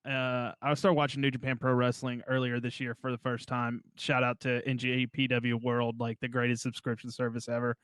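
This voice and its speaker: A man's voice: mid-range voice, level tone, moderate pace, hardly any pauses, a bit bright, clear, resonant tone, no echo, studio quality. A man on a casual podcast, laid-back and enthusiastic. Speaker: podcast co-host.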